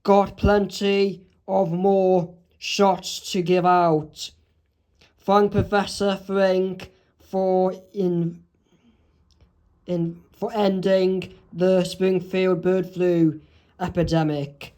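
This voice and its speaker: A man voicing a calm male cartoon doctor in a fan comic reading, firm and reassuring. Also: high voice, drawn-out words.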